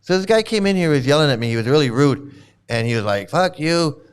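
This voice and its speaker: Very animated and talking fast, a man at medium pitch hosts a livestream and rants indignantly, mocking as he goes and repeating himself heavily. The tone is clean, and the talk is casual commentary.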